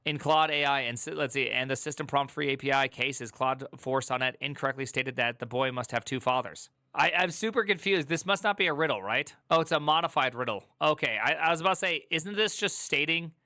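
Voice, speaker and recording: Bright-voiced man reacting to an article. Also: medium pitch, clear, resonant tone, no room sound, studio quality. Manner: reads aloud with quick asides and joking rants. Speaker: tech streamer reading an article. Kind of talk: casual reaction stream.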